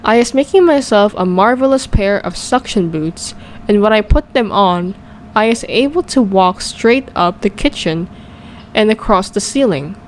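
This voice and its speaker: A woman's voice: mid-range voice, normal speed, slight background noise, close to an everyday voice, rough recording. A woman voicing a boastful young boy who tells his dream with broken grammar. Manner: broken grammar, lively storytelling.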